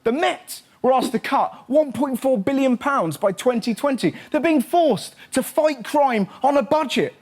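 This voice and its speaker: High-voiced comic on stage. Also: male voice, very noisy. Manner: sarcastic, punchy delivery with quick asides. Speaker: comedy show host. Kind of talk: stand-up monologue. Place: TV studio stage. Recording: loud studio audience laughter.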